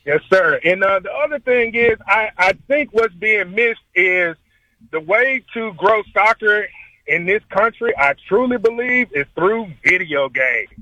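A chatty male caller. His voice is high and bright for a man, and it sounds dry and close. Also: expressive, dry recording, dull audio. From Memphis, US South. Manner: chatty, playful, fast-talking. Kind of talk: call-in radio chat.

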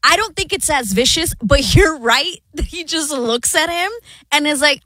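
A woman's voice: high-pitched, animated, moderate pace, sharp tone, no echo. A woman co-hosting a sports radio show, chatting casually and teasing her partner.

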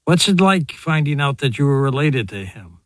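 A man's voice: medium pitch, sing-song, moderate pace, dry recording. A man asking an interview guest brief, direct questions.

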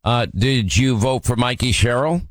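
A male talk radio host with a middle-pitched voice, firing questions at a caller. He is brusque and mocking. The sound is dry and close, with no room around it. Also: moderate pace, no echo. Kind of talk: combative call-in radio talk.

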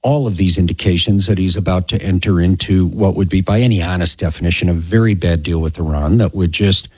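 A man's voice: deep voice, a little fast, slightly rough, no room sound. A man hosting a talk radio show, chatting casually and taking on-air questions. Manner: relaxed, conversational, frequent "yeah".

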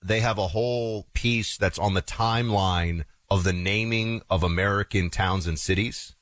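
A man from the Northeastern US co-hosting a talk show, chatting casually and wandering off into animated storytelling asides. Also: lowish voice, moderate pace, dry recording. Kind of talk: casual conversational chat.

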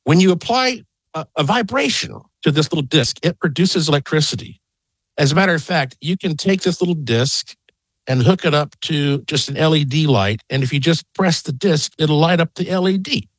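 Middle-aged guy calling in from home, rambling and excited, dry close sound. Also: on the high side, normal speed, husky, no room sound. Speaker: guest. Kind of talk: call-in radio interview. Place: home in Las Vegas.

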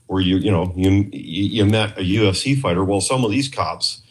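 Low-pitched man from Canada, rambling guest who quotes others as he tells a story. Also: normal speed. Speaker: podcast guest, former investigator. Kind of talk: casual storytelling interview.

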